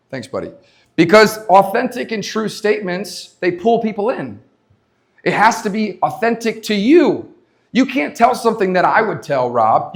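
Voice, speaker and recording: A man giving an energetic motivational talk to a live audience at a leadership summit, repeating his points and asking the crowd questions. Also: sits high. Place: conference stage before a live audience.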